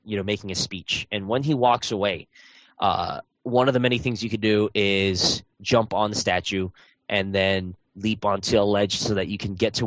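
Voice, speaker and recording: A man's voice: lowish voice, a bit bright, no room sound. A man chatting casually about a video game, rambling with lots of fillers and restarts. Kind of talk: casual chat.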